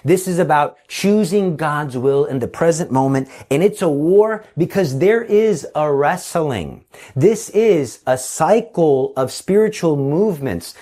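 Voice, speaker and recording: Animated preaching man. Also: a little high. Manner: animated storytelling with acted voices. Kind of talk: sermon. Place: Texas.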